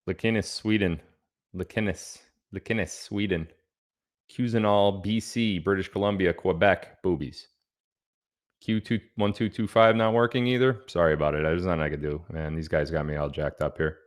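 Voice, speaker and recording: A man hosting a live stream in loose, rambling chat, cracking jokes between asides. His voice is deep and low. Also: fairly even intonation, moderate pace. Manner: rambling and joking, reading out viewer locations. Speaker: livestream host. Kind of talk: casual livestream chat.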